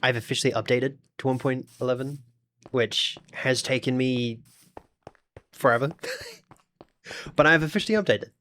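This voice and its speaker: A man's voice: medium pitch, moderate pace, pauses often, fairly bright tone. Chatty Australian streamer guy. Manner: rambling, chatty, talks to his chat. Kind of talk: casual gaming livestream chat.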